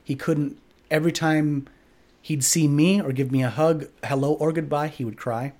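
Earnest podcast host telling a personal story. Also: male voice, on the high side, steady tone, normal speed, a little mellow. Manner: earnest, reflective, loose with many filler "like"s. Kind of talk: candid personal storytelling in conversation.

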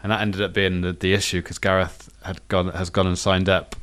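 A man with a very low voice talks quickly in a relaxed podcast chat. He rambles a little, restarts sentences and corrects himself on the fly, keeping a casual, chatty flow. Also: smooth. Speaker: podcast co-host.

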